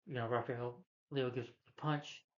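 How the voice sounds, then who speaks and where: A man's voice: medium pitch, steady tone, measured pace, highs cut off. Rambling man recapping a movie plot. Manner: rambling, loose retelling full of "you know". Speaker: film reviewer.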